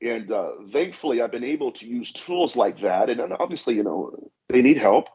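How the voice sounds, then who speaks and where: A man's voice: mid-range voice, lively intonation, normal speed, darkish tone, breathy edge. A man, a guest demonologist, telling anecdotes in a podcast interview and acting out the dialogue with repeated "I said". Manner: anecdotal, acts out dialogue, frequent "I said". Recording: dull lo-fi audio.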